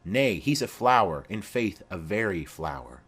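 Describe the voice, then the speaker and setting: A man's voice: deep voice, very animated, measured pace, fairly bright tone, husky, full character voice. A man reading the part of a garrulous old female nurse who rambles on with chatty asides.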